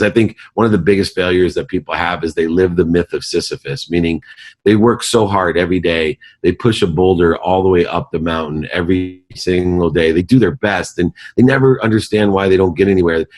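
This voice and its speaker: Deep-voiced man giving earnest motivational talk. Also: darkish tone. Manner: earnest, emphatic, preacher-like delivery. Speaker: guest, company CEO. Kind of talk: motivational storytelling in a podcast interview.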